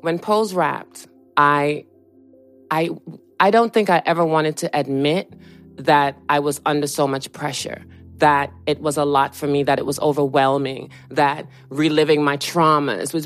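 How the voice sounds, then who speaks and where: A woman being interviewed, telling a personal story in an animated way and acting out what other people said to her. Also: sits low, normal speed, faint music behind. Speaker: interview guest.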